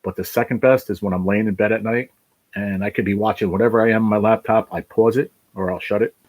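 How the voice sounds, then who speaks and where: A man's voice: fairly low pitch, fairly even intonation, fast, darkish tone. A middle-aged man hosting a casual livestream chat, blunt and emotional, swearing freely and wandering off on tangents. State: fighting back tears. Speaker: channel host.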